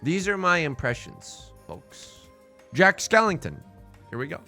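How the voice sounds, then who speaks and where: A man giving casual live-stream commentary on a game, animated, playful and self-mocking. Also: sits high, normal speed, faint music behind.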